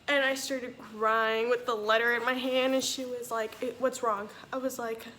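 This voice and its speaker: High bright chatty young woman vlogger. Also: level tone, moderate pace, a little hiss or hum. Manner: chatty, rambling, acts out quoted dialogue. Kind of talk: casual storytelling vlog.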